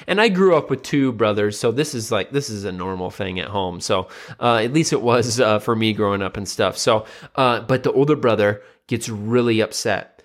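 A young adult man hosts his own podcast, telling a story in a loose, rambling way. He fills the gaps with uh and you know and often restarts his sentences. His voice sits at an ordinary middle pitch for a man. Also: normal speed, few pauses, fairly bright tone. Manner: rambling, filler-heavy retelling with frequent uh and you know. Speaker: podcast host. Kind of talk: casual solo podcast storytelling.

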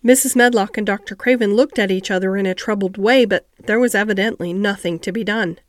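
Woman narrator, mid-pitched, steady storybook reading, dry sound. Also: fairly quick, dry recording. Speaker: audiobook reader.

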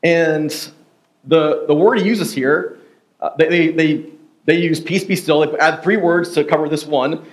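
A pastor with a fairly high voice preaches in a church in a loose, chatty way. He jokes often and keeps stopping to restart his sentences with fillers. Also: steady tone, a little slow. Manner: casual, joking, chatty with many fillers. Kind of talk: sermon. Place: church sanctuary.

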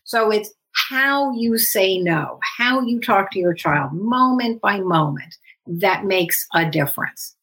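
A woman psychologist speaking as a guest in a podcast interview, explaining in a measured, instructive way. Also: mid-range voice, expressive, fairly bright tone.

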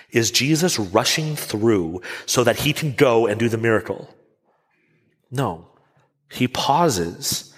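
A man preaching a sermon as a pastor, telling the story with animated rhetorical questions. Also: medium pitch, breathy edge, long reverb tail. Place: church sanctuary.

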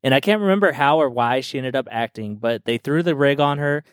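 Excited young man, dry close mic. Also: mid-range voice, a little fast, clean tone, dry recording. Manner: enthusiastic, rambling explanations with frequent "like" and "dude". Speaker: podcast co-host. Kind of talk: casual podcast chat.

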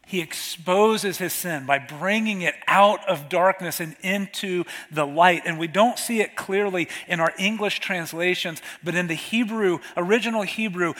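High-voiced man preaching in a reverberant hall. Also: a bit bright. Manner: conversational preaching, slows for scripture reading. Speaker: pastor. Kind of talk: sermon.

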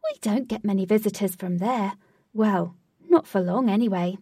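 A woman voicing a tiny flying woman who is a flirty, teasing party regular, with a husky, gravelly voice. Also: normal speed, dry recording, distant mic. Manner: brash, teasing, loud and high.

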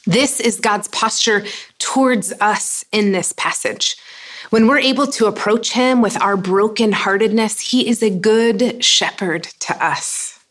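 A woman preaches at an unhurried pace, letting each line settle before moving on. Her delivery is earnest and measured, with a voice of middling pitch. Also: fairly bright tone. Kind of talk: sermon.

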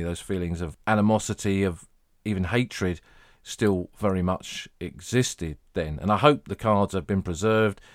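A middle-aged English man hosting a history podcast, telling battlefield anecdotes in a measured storytelling manner. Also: deep voice, no room sound, studio quality. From England. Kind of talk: podcast narration, guided tour talk.

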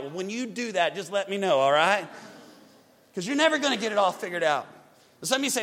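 A man preaching a sermon as pastor, swinging between loud urgent lines and quiet hushed ones. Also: high-pitched, expressive, fast, in a large hall.

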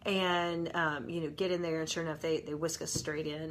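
A woman's voice: deep voice, flat delivery, moderate pace, fairly bright tone, a little hiss or hum. A woman, a nurse and mother telling a personal story as an earnest, conversational devotional talk.

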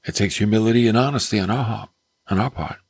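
Husky earnest male preacher. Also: fairly low pitch, quick pace, dry recording. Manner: earnest, exclamatory, drops to soft near-whispers. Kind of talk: sermon.

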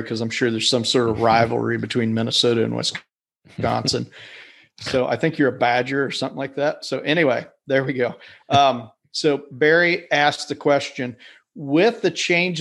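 A man of middle pitch talks casually on a podcast, telling self-deprecating jokes. He rambles and restarts, speaking from a home office. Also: gravelly. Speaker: podcast co-host. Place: wife's office.

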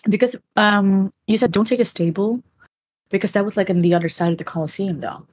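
A woman co-hosting a podcast in casual chat, talking in a playful, teasing way with quick asides. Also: mid-range voice, a little mellow, slightly rough. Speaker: podcast co-host.

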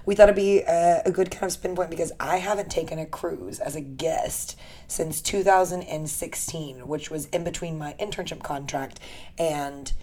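A woman's voice: deep voice, moderate pace, dark tone. A young woman from the United States co-hosting a podcast, chatting casually in a bubbly, teasing way and laughing often. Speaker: podcast co-host. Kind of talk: casual chat.

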